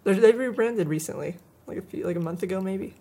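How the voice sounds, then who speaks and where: A woman's voice: mid-range voice, fairly quick, warm tone. A woman co-hosting a tech news show in casual chat, joking and playful.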